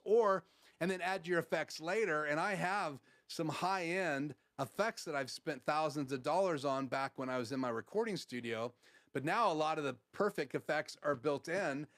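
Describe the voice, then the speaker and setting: A man hosting a casual live stream, walking through his studio audio gear in an explanatory way with frequent fillers. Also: a little high. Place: home studio.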